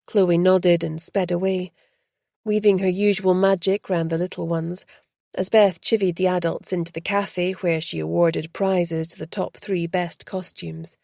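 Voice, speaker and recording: A woman narrating an audiobook in an even, measured reading on a close mic. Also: lowish voice, gravelly, no room sound.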